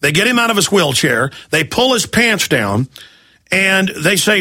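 A man with a high-sitting, animated, sharp voice hosts a talk radio show, ranting angrily and firing off rapid rhetorical questions in a heated tirade.

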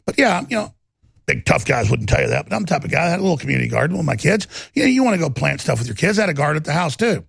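A man's voice: on the high side, sing-song, rapid-fire, creaky, a bit bright, husky, dry recording, clean studio sound. A middle-aged man hosting a combative political commentary, rambling and scornful. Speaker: host.

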